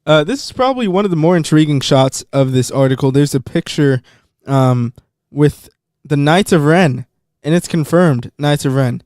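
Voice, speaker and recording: A man's voice: on the high side, lively intonation, normal speed, few pauses, darkish tone, dry recording, clean studio sound. A man hosting a podcast in casual chat, talkative and hesitant with many ums. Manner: chatty, hesitant with frequent ums. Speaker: podcast host.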